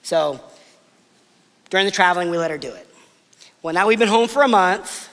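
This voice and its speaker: High-voiced male pastor in a reverberant hall. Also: expressive. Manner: conversational storytelling, drops to soft emphatic pauses. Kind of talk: sermon.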